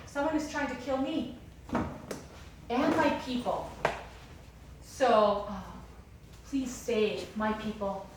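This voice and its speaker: A woman's voice: on the high side, slow, pauses often, noisy background, pitched above the performer's own voice. A woman doing an earnest, pleading young queen. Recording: roomy lecture hall, distant mic.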